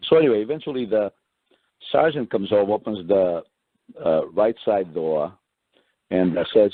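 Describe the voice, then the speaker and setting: A man casually telling a story, acting out what others said in a higher voice and often adding "right?" and clearing his throat. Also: moderate pace, long pauses, no room sound. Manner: animated retelling, acts out quoted voices higher, keeps adding "right?". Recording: dry tinny phone-line sound.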